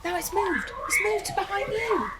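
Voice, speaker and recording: A frightened woman with a very high voice exclaims her way through a ghost hunt inside an old building. The recording is echoey, picked up from some way off, with loud noise behind her. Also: sing-song, moderate pace. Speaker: presenter. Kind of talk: reality ghost-hunt reactions. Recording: echoey, distant, noisy.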